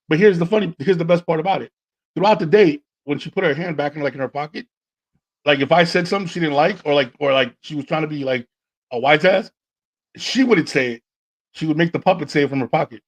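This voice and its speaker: A man's voice: on the high side, a little fast, low-quality recording. A man hosting a podcast, telling a dating story in casual chat and acting out both sides of the dialogue. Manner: animated storyteller who acts out dialogue. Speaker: podcast host.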